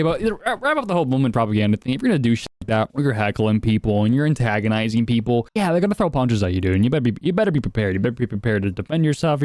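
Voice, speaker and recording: A man's voice: mid-range voice, a little mellow, dry recording. A young man casually telling crude prank stories, swearing often and laughing at his own jokes. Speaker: commentator. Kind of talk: casual storytelling.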